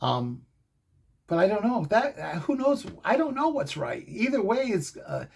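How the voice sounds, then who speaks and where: A middle-aged man hosting a fan show, telling a rambling, excitable story in casual commentary. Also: high voice, measured pace. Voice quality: gravelly, husky.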